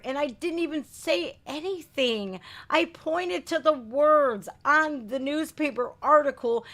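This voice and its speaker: A woman's voice: sits high, bright, forceful tone. Irate, swearing woman livestream host. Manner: indignant, swearing, rants and rhetorical questions. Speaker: reaction channel host. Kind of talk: heated live commentary.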